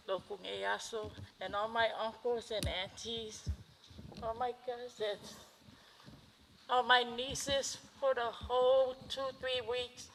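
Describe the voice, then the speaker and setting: Older widow speaking slowly in a hall. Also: female voice, mid-range voice, creaky, fairly bright tone, slight background noise. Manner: unpracticed, searching for dates, thanking people. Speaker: widow giving a memorial speech. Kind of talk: memorial speech. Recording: reverberant hall.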